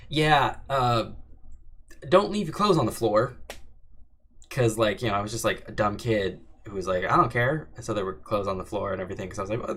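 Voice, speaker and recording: A man's voice: medium pitch, fairly bright tone. A young man from Arizona casually answering chat questions on his livestream, laid-back and rambling with lots of filler words. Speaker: audio drama creator hosting a live stream.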